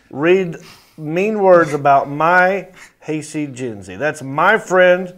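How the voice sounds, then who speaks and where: A man's voice: on the high side, expressive, slow pace, a bit bright. A man hosting a comedy podcast, talking in a playful, mock-indignant way and stretching out his sign-offs. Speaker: podcast host. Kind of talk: casual comedy podcast chat.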